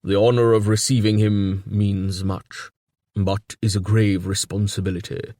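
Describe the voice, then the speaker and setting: Coolly formal stout old king in an audiobook, breathless and wheezy as he speaks, voiced by a male narrator. The voice sits fairly low and sounds close and dry, with little room around it. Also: little pitch movement, mellow, no echo, natural voice. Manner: measured and formal. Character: corpulent wheezing older male king, cool and evasive. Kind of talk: audiobook character reading.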